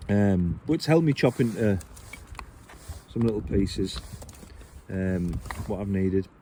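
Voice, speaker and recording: Here the bushcraft vlogger has a mid-range, darkish voice, picked up with a little hiss or hum. He shelters under a tarp in the rainy woods, talking gear in a loose, self-mocking way with plenty of ums and ers, rain falling behind him.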